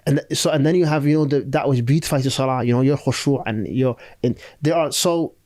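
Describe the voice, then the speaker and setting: A man's voice: mid-range voice, fast, darkish tone, no room sound. A man who is an Islamic scholar, explaining duties in a podcast with Arabic terms. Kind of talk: religious podcast discussion.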